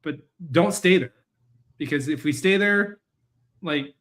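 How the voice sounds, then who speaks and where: A man's voice: fairly high pitch, a little slow, a bit bright. A man being interviewed as a guest, speaking earnestly and encouragingly. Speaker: guest, resilience coach. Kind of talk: interview conversation.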